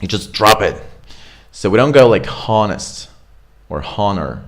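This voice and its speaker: A man, coaching pronunciation in a relaxed, chatty way. He models words slowly one by one and keeps asking "right?" to check that his listeners follow. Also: fairly low pitch. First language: Russian. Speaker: accent coach. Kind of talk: casual pronunciation lesson.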